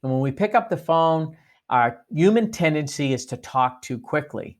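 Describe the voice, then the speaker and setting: A man's voice: a little high, animated, moderate pace. Man coaching on phone sales. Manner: coaching, demonstrates phone lines. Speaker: sales trainer. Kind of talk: training talk.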